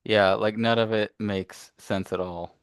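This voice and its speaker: A man's voice: lowish voice, fairly even intonation, measured pace, smooth, no room sound, studio quality. A young man co-hosting a casual sports podcast, laid-back, laughing and swearing casually. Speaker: podcast co-host. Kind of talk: casual chat.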